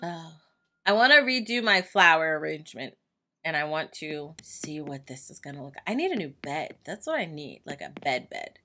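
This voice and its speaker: A young woman gaming YouTuber giving casual, excitable, self-mocking commentary as she plays. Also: deep voice, normal speed. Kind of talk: casual let's-play commentary. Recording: faint game music behind.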